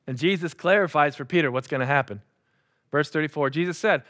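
A man's voice: high voice, brisk, a bit bright. A man preaching a casual sermon as a pastor, joking and acting out Bible figures in playful voices.

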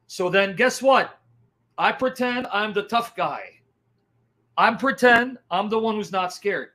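A man's voice: sits high, slow pace, long pauses. A man telling a dramatic testimony as an evangelist, acting out what people did and said. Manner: animated, dramatic, acts out reactions. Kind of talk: testimony storytelling.

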